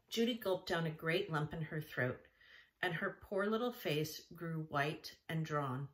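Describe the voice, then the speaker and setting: Low-voiced woman reading a storybook. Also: a little slow, a bit bright. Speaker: audiobook reader. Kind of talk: storybook narration.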